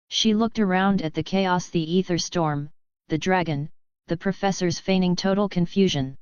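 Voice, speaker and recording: Low smooth woman narrating a story. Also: moderate pace, no echo. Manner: steady storytelling. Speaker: audiobook narrator. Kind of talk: scripted narration. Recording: muffled lo-fi recording.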